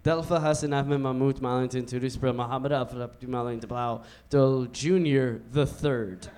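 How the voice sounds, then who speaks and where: A man's voice: medium pitch, steady tone, normal speed, darkish tone. A man guest in casual comedic banter, playful and teasing, gushing with compliments.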